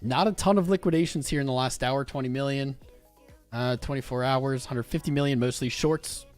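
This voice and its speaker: A man's voice: medium pitch, fairly quick, a little mellow, soft background music. A man hosting a live crypto trading stream, chatting casually and reading out viewer comments as he goes through charts. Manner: upbeat, chatty, reads viewer comments aloud. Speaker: crypto livestream host.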